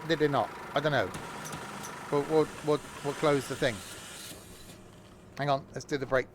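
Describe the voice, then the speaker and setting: A man's voice: a little high, fairly even intonation, normal speed, background noise. A man giving rambling, self-mocking commentary while playing a driving game. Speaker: gaming streamer. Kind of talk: casual gameplay commentary.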